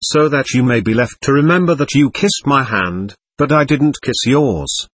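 A man's voice: medium pitch, normal speed, husky, no room sound. A man reading as a sly, sugary young woman. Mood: mocking. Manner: soft, even, sugary drawl. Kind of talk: audiobook character reading.

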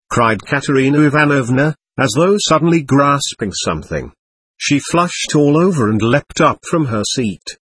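A man narrating a classic novel as an audiobook, measured and expressive. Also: medium pitch, husky, no room sound. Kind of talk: scripted literary narration.

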